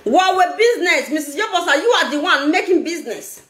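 A Nigerian woman talking on a casual live video, animated and laughing, mixing in pidgin. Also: very high voice, brisk, roomy sound. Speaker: social media vlogger.

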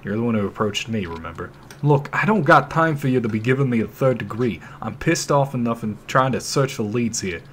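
A man voicing a brash, loudmouthed male street thug with a put-on tough-guy drawl. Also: mid-range voice, expressive, a little fast, a little hiss or hum, close to an everyday voice. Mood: hostile.

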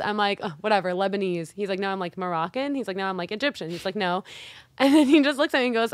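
Young woman co-host, quick animated storyteller, dry close sound. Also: mid-range voice, no room sound. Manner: lively storyteller acting out quoted voices. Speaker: podcast co-host. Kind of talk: casual chat, storytelling.

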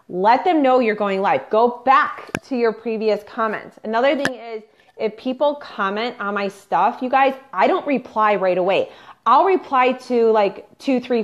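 A woman business coach on an unscripted live stream, chatty and pushy, peppering her talk with "like" and "you guys". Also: fairly high pitch. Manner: upbeat and pushy, coaching the viewers directly. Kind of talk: unscripted Facebook live training. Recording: slightly dull lo-fi livestream audio.

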